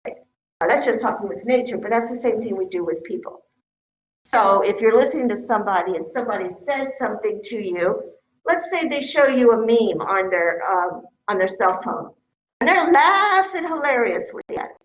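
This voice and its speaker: A woman's voice: a little high, lively intonation, normal speed, slight background noise. A middle-aged woman lecturing a class in a conversational way, often checking in with her listeners. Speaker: teacher. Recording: echoey room, dull lo-fi sound.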